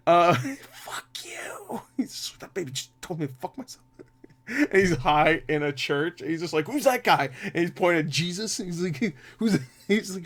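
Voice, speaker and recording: A man chatting casually about box office numbers as a movie reviewer, swearing freely and laughing often. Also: a little high.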